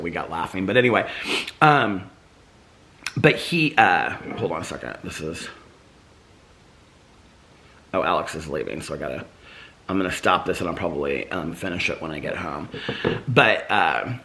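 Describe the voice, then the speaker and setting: A man's voice: lowish voice, big pitch swings, normal speed, pauses often, bright, forceful tone. A man vlogging in a casual, rambling way, full of fillers and restarts. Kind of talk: casual chat to camera.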